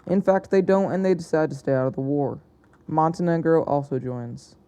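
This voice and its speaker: A man's voice: on the high side, normal speed, dark tone, clear, resonant tone. A young man narrating an alternate-history map video in a casual, hesitant way, often correcting himself as he goes. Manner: hesitant, self-correcting, chatty.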